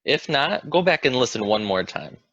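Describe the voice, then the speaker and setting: A man's voice: medium pitch, very animated, normal speed, fairly bright tone, no room sound, dull audio. A man teaching an English grammar lesson, explaining patiently and asking the viewer questions.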